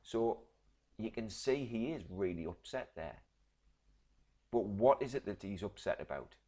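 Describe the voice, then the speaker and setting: A deep-voiced man teaches a recorded literature lesson. He explains patiently, step by step, and keeps checking in with his class. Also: expressive, unhurried, mellow. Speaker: English teacher.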